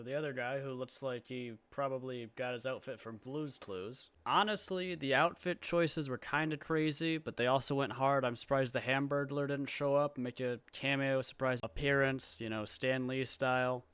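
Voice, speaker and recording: A man's voice: mid-range voice, fairly bright tone, smooth, dry recording. A man giving sarcastic comedic voice-over commentary on a video, with mock-grand asides. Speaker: commentary YouTuber.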